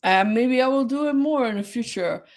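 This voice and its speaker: A woman's voice: sits high, normal speed. A woman hosting a casual livestream, chatting with viewers, giggling often and greeting people by name. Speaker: livestream host.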